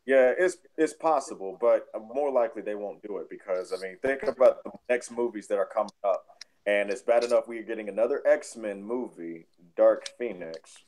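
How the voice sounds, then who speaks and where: A man co-hosting a casual live movie review, talking in a relaxed, agreeable way with some hesitation. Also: lowish voice, moderate pace, poor audio. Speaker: podcast co-host.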